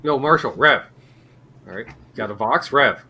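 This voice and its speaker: A man's voice: mid-range voice, expressive, normal speed, sharp tone, husky, exaggerated voice. A man putting on a French Canadian guitar store clerk with a French Canadian accent, playing it for laughs in a casual chat. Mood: bantering.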